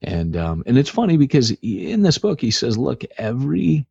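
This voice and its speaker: A man's voice: mid-range voice, very animated, moderate pace, gravelly, darkish tone, husky, dry recording. A man co-hosting a podcast in casual, rambling chat with lots of filler words, on dull lo-fi audio. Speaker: podcast co-host.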